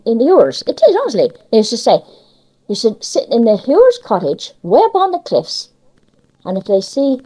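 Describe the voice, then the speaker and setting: A woman's voice: mid-range voice, dark tone, rough recording. An older woman with a Cornish accent, chatting in an interview and giving emphatic opinions. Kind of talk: casual conversation.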